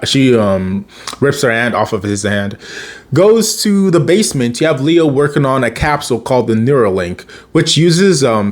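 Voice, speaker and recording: A man casually recapping a TV episode, rambling along, chuckling, and loosely quoting the characters as he goes. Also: mid-range voice. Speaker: show recap vlogger.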